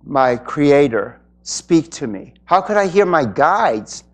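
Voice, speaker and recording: A man giving an inspirational spiritual talk to an audience, earnest and reflective, with pauses. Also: on the high side, big pitch swings. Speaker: spiritual speaker.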